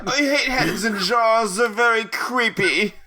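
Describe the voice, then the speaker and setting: Co-host with a high bright voice, quick quips. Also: male voice. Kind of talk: comedic fanfic riff.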